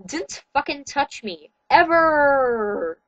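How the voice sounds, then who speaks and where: A moody gothic teen girl whines and protests in a high, light voice, read by a woman. Her lines come close and dry. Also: very animated, drawn-out words, fairly bright tone, no echo, full character voice, poor audio. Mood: angry.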